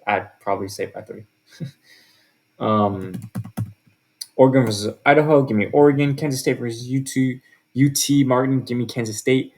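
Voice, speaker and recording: Slight background noise sits behind this man's medium-pitched, darkish voice as he speaks at normal speed, pausing often. Hosting a sports video, he chats through his football predictions, filling and restarting his sentences a lot.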